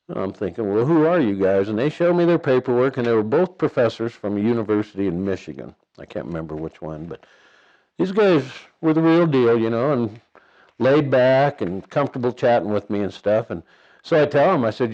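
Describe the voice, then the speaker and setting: A man's voice: on the low side, a little mellow, lo-fi sound. A man who works on a buffalo ranch, telling his own story in a plain-spoken, folksy way and chuckling as he goes.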